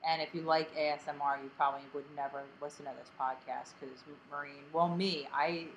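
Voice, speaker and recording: A woman's voice: low-pitched, fairly even intonation, fairly quick, a little hiss or hum, poor audio. A woman from Delaware County co-hosting a casual podcast, rambling with lots of fillers and a grating, self-mocking tone. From Delaware County, Pennsylvania. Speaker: podcast co-host.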